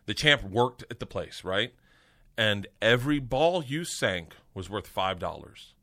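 A middle-aged man, a comedian guest, telling a long comic story in a loud, animated, profane way. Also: fairly low pitch, a little slow.

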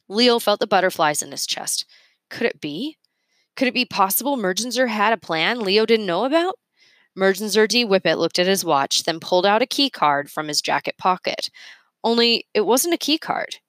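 A woman reading a children's novel aloud with expressive, measured storytelling. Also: mid-range voice, dry recording. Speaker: reader.

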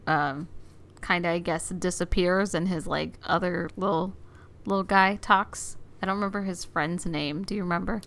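A woman with a fairly low voice cuts into a casual film chat with short, hesitant remarks. She hedges her words and keeps them brief and soft. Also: fairly even intonation, normal speed.

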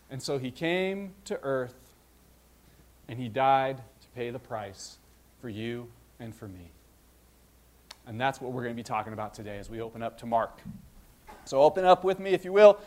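Male pastor, high-pitched voice, lively storytelling sermon delivery. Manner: storytelling, animated retelling with voiced asides.

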